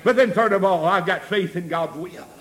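A man preaching a sermon, building rhythmically into shouts with many amens and a habitual "uh" before phrases. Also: high-pitched, normal speed.

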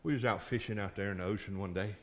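A middle-aged male pastor preaching a sermon in a church, folksy, moving between quiet storytelling and shouted climaxes. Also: fairly low pitch, quick pace.

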